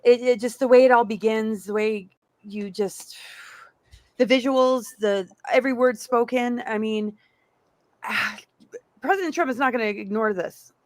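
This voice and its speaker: A woman speaking as a guest on a roundtable podcast, effusive and halting as she gives her praise. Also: a little high, a little mellow, no echo. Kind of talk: casual roundtable chat.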